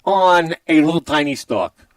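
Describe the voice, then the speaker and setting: A man's voice: on the high side, unhurried, lightly acted. A man voicing a crude, boastful hybrid villain of a president and a masked comic-book brute, in comedy podcast improv. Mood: crude boasting. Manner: lewd, bragging, gravelly put-on villain drawl.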